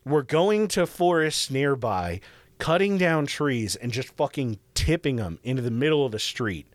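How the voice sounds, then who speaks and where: A man hosting a podcast, telling history in a casual, profane, animated way. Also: medium pitch, moderate pace, no echo. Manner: profane, animated, acts out quoted voices. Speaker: podcast host.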